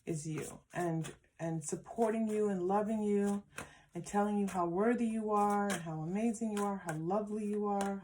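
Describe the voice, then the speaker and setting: A woman giving a pick-a-card tarot reading, speaking gently and affirmingly to her viewers, with frequent restarts. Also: mid-range voice, slight background noise. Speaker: tarot reader.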